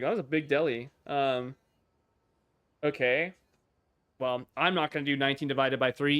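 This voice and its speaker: A man's voice: on the high side, a bit bright, no room sound. Profane streamer guy, dry close mic. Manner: profane, rambling, laughs often. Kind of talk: casual livestream chat.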